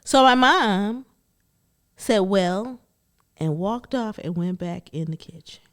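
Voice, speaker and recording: A woman hosting a podcast, telling family stories in a chatty, animated way and acting out quotes from her relatives. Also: mid-range voice, unhurried. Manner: animated, laughing storyteller who acts out family quotes. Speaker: podcast host. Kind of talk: personal storytelling monologue.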